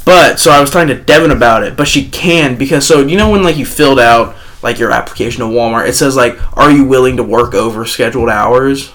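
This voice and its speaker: A man's voice: medium pitch, quick pace, hardly any pauses, fairly bright tone. A young adult man co-hosting a podcast, telling rambling, profane work stories in casual chat. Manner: rambling, profane, quotes coworkers. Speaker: podcast co-host.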